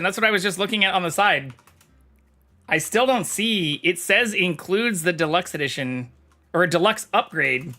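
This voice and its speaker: Streamer guy chatting with chat, sweary and rambly, bright voice, music faintly in back. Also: fairly high pitch. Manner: chatty, swears casually, reads chat aloud. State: talking with mouth full. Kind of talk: casual live-stream chat.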